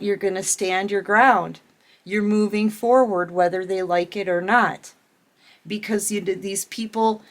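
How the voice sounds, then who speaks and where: A middle-aged woman giving a casual tarot reading, emphatic and repetitive, speaking straight to the viewer. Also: medium pitch. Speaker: tarot reader.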